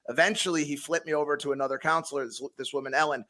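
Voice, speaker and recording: A man's voice: a little high, steady tone, rapid-fire, few pauses, bright, forceful tone. A man in his thirties from Connecticut, a podcast guest telling a long personal story, blunt and swearing often, with many restarts. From Connecticut, USA. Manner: blunt, heavy swearing, frequent repeats.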